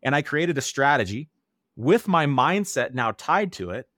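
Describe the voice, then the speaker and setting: A man's voice: mid-range voice, very animated, normal speed, bright, forceful tone, dry recording, clean studio sound. A man in his thirties, an interview guest, telling his own story in a candid, earnest way and acting out remembered quotes.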